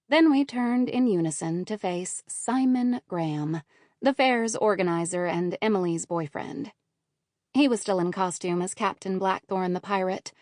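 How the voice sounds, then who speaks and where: A woman reading a first-person romantic comedy audiobook in a measured, lively way, on a close studio microphone. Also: medium pitch, no room sound. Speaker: audiobook narrator.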